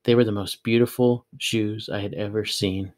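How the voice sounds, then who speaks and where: A man with a low voice reads a novel aloud. He tells the story in a steady, plain way, letting the narration carry without fuss. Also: normal speed. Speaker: audiobook reader.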